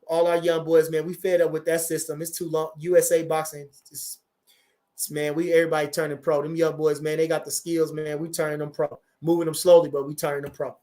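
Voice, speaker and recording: Animated high-voiced man in his forties. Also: fairly quick. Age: 40s. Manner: animated, profane, repeats phrases. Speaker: boxing trainer and livestream host. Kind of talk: casual livestream chat reading viewer comments.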